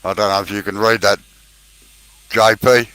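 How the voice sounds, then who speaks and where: A man's voice: on the low side, fairly even intonation, normal speed, sharp tone, rough recording. An Australian man hosting a live woodworking chat, easygoing, laughing often and using local slang. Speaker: host of live woodworking stream. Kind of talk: casual chat.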